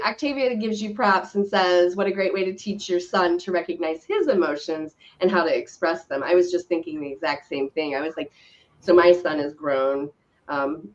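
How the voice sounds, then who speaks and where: A middle-aged woman co-hosting a live stream talk show, speaking in a slow, reflective and affirming way. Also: lowish voice. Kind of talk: casual conversational chat. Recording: dull lo-fi stream audio.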